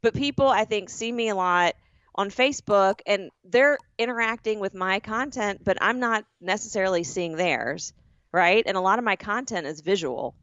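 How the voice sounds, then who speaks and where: A woman from the American South co-hosts a podcast in easy, loud, talkative banter. Her voice is mid-pitched and close to the mic, with a dry sound and a slightly muffled, dull top end. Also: no echo. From southern United States. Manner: loud, chatty, quick to react. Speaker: podcast co-host. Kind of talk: casual chat.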